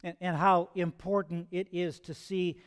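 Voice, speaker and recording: A man preaching from the pulpit, his voice sitting fairly high for a man. He talks earnestly and conversationally, stumbling into restarts and throwing rhetorical questions at his listeners. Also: level tone, a little slow, clean tone. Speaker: pastor. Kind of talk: sermon.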